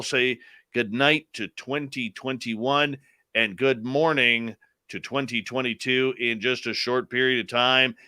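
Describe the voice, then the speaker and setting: A man's voice: mid-range voice, sharp tone, smooth, dry recording. A man hosting a live radio show, chatting casually, enthusiastically greeting listeners from the chat. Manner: enthusiastic, reads chat names aloud, playful.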